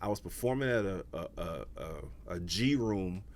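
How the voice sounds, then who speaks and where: A man's voice: low-pitched, moderate pace, heavy background noise. A middle-aged man, a comedian, telling stories in a casual interview and acting out the people he quotes. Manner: animated storyteller who acts out the people he quotes. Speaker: guest comedian.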